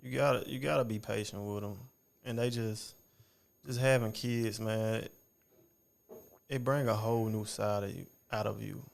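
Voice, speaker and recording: A man's voice: fairly low pitch, fairly even intonation, moderate pace, gravelly. A man co-hosting a podcast in casual chat, laid-back and chiming in to agree. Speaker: podcast co-host.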